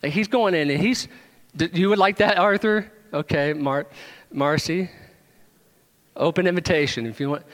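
Man, pastor, sermon, animated, emphatic questions, higher-pitched voice, long hall reverb. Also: moderate pace, long pauses. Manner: animated, rising to emphatic questions, joking with the congregation.

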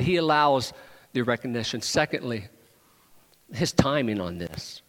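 A man preaching a sermon in a church, emphatic, rising to loud proclamations and dropping to hushed asides. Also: medium pitch, very animated, a little slow, long pauses. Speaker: pastor. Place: church sanctuary. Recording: long hall reverb.

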